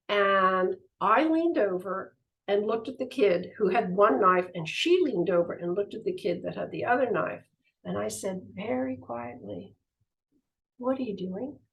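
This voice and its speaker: Animated woman telling teaching stories. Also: medium pitch, a little slow, rough recording. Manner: animated storytelling, acts out the voices in her stories. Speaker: spiritual teacher. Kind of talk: teaching talk with personal stories.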